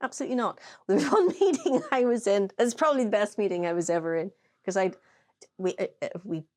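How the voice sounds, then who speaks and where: A woman co-hosting a casual chat show with an Irish accent, telling animated stories, swearing and laughing often. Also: medium pitch, quick pace. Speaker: podcast co-host.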